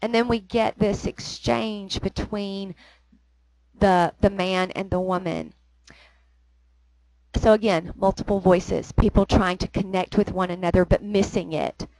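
A woman's voice: mid-range voice, fairly even intonation, unhurried, a little mellow, no room sound, low-quality recording. A woman teaching a literature lesson, explaining lines of a poem with frequent "um"s. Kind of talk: recorded lecture.

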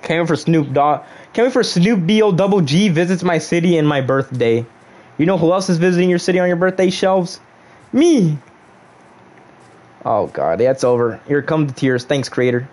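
Young man, gaming livestream, playful banter with chat, fairly high voice, bouncy and expressive pitch. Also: moderate pace. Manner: playful and animated, jokes with chat. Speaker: streamer. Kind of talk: casual livestream commentary.

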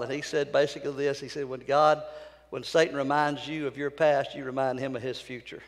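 A man preaching a sermon as pastor, building to loud, fervent outbursts and then dropping to near-whispers. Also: on the high side. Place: large church sanctuary. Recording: long hall reverb.

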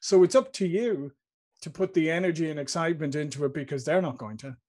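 A man's voice: on the high side, fast, a little mellow. A man with an Irish accent hosting an interview, chatting easily and telling anecdotes with a laugh. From Ireland. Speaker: host. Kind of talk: interview conversation.

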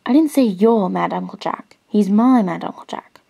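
A woman voicing a stern, fussy Victorian father in a soft-spoken storybook reading. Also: medium pitch, normal speed, gravelly, husky.

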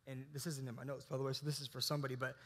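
A man's voice: mid-range voice, little pitch movement, very fast, a bit bright, big-room sound. A man in his thirties preaching a casual, conversational sermon, often restarting his sentences. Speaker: pastor. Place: church hall.

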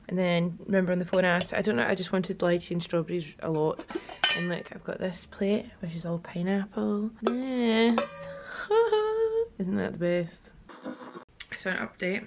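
A woman's voice: fairly low pitch, vocal fry, noisy background. A young woman vlogging to camera from a hotel room, chatty and candid while she feels unwell. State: feeling unwell. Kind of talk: casual vlog talking to camera.

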